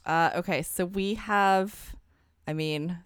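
A young married woman chatting casually, bubbly and quick to laugh. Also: fairly low pitch, clear, resonant tone, no room sound, clean studio sound. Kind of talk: casual chat.

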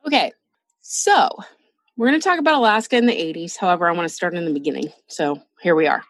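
A woman's voice: lowish voice, lively intonation, fast talker, a bit bright, no room sound. A woman hosting a true crime podcast, chatting casually in a blunt, profane way. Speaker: podcast host telling a true crime case.

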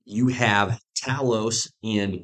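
A man co-hosting a casual podcast, talking about shows in an emphatic, animated way. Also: fairly low pitch, drawn-out words. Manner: emphatic and animated, stresses words for effect. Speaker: podcast co-host.

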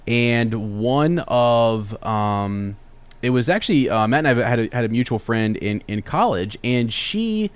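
A young man hosting a podcast, telling a casual story in an animated, rambling way with many restarts. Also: medium pitch, a little slow, clean tone. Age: young adult. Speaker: podcast host.

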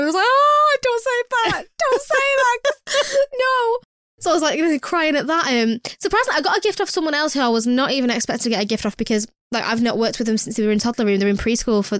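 A woman's voice: a little high, smooth, no room sound, studio quality. A young woman, an emotional nursery worker chatting casually with lots of fillers. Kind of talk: casual chat.

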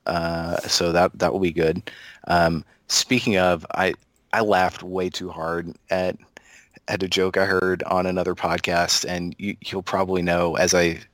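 A man's voice: deep voice, little pitch movement, measured pace, a bit bright, no room sound, clean studio sound. A man guesting on a podcast, chatting casually and laughing as he tells stories. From Oklahoma, US. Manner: laughs while telling stories, drawling.

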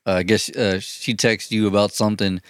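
A man's voice: on the low side, flat delivery, brisk, clean tone, dry recording, clean studio sound. A man co-hosting a podcast, chatting casually and telling crude work stories with lots of laughter. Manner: profane, laughing storyteller. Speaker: podcast co-host. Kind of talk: casual chat.

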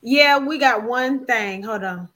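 A woman's voice: fairly high pitch, takes it slowly, a bit bright. A woman on a podcast panel, chatting playfully and laughing with the hosts. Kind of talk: casual podcast chat.

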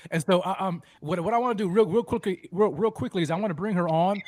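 A man hosts a casual fan show, talking excitedly and tumbling over repeated words as he restarts sentences. His voice sits a bit high and the sound is dry and close, with no room around it. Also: quick pace, dry recording. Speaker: host.

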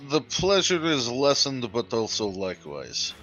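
A man's voice: mid-range voice, sing-song, a bit bright, highs cut off, soft background music. A man playing a formal reserved warrior. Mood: dry. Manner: formal, measured.

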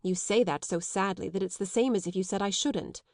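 A woman reading the part of an eager, anxious young gentleman in an audiobook, pleading and defiant in turn. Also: medium pitch, fairly quick, no echo, close to an everyday voice. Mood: earnest. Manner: pleading, defiant, slightly raised voice.

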